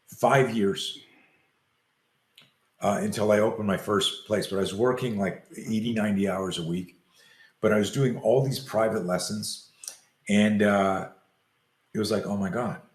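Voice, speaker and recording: Older man telling a roomy story. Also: lowish voice. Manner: animated storyteller acting out quoted dialogue. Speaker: self-defense coach. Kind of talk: storytelling in a podcast interview. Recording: roomy echo.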